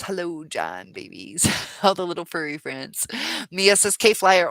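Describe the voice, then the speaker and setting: A woman's voice: low voice, fairly bright tone, dry recording. A woman hosting a live chat Q&A, reading viewer comments aloud and answering them in a chatty way with many fillers. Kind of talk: casual live-stream chat.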